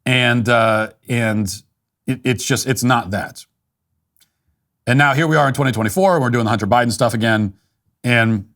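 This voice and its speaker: A man hosting a political commentary show, talking in a dry, dismissive way with frequent restarts. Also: fairly low pitch.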